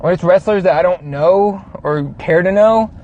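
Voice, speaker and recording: Swearing, high-voiced man ranting in a car. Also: normal speed, a little mellow, muffled recording. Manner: rambling, swears a lot, reads chat comments aloud. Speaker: show host. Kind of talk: casual profane rant.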